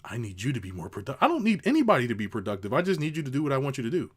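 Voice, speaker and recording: A man's voice: mid-range voice, very animated, racing, fairly bright tone, slightly rough. A middle-aged man, a business coach, ranting casually to his viewers, swearing and mocking others. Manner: ranting, swears, mocks people in put-on voices. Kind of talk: unscripted rant to camera.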